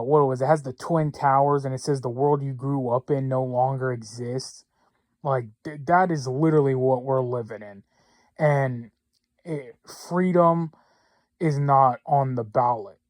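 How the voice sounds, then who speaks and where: A man's voice: mid-range voice, no room sound. A man hosting a political commentary show, talking through the news in a casual, rambling way with blunt opinions, many fillers and restarts, and a close, dry sound.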